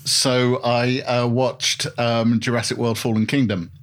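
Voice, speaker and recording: A man's voice: mid-range voice, little pitch movement, a little slow. A man hosting a casual interview, joking and teasing his guest with frequent ums and uhs. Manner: jokey, teasing, fillers and hesitations. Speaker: host.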